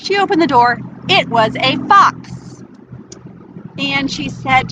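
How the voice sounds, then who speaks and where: A woman nature educator telling a children's story in an animated, expressive way. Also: sits high, takes it slowly, background noise.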